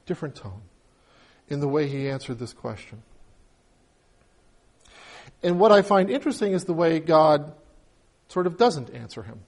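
A man's voice: fairly high pitch, sing-song, moderate pace, pauses often, a little mellow. A man preaching a conversational sermon, retelling the story with humor and acting out the characters' pleas with rising emotion. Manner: conversational, acts out biblical voices with rising emotion. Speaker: pastor.

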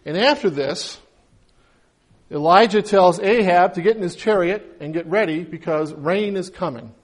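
A man with a high-pitched voice preaching a morning sermon. He tells the story in a relaxed, conversational way, dropping in asides and briefly acting out what each person says. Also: moderate pace. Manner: storytelling, acts out quoted lines. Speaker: pastor.

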